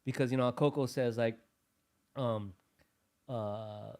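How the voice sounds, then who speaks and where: A man in his fifties chatting as a guest in a relaxed interview. He rambles easily and fills his sentences with "like," "um" and "you know." His voice sits at an everyday middle pitch. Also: slow pace. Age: 50s. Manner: laid-back, rambling, lots of fillers. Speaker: guest artist. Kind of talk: casual interview chat.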